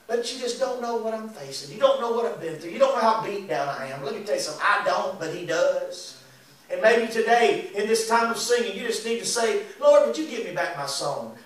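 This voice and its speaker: Man, evangelist preaching, folksy, high voice, heavy church echo. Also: a little fast. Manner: folksy, animated, laughing asides. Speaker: evangelist and singer. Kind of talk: lively sermon with congregation call and response. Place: church sanctuary. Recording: echoey church recorded from a distance.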